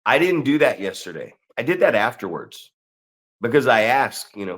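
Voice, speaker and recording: A man's voice: medium pitch, very animated, normal speed, a bit bright. A man co-hosting a casual podcast and talking off the cuff. He rambles, restarts his sentences and swears freely as he goes. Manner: rambling, profane, restarts often. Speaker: podcast co-host.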